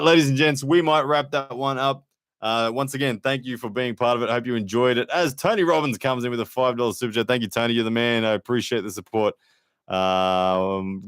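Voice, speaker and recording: A man's voice: mid-range voice, clean tone, dry recording, clean studio sound. A man hosting a casual live stream, chatting to viewers and reading out their comments with frequent fillers. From Australia. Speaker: livestream host and arm wrestler.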